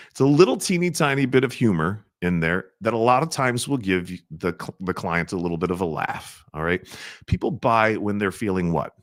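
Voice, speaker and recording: A middle-aged man teaching a sales training, asking his audience questions and acting out soft-spoken sales lines. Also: on the low side, expressive, brisk.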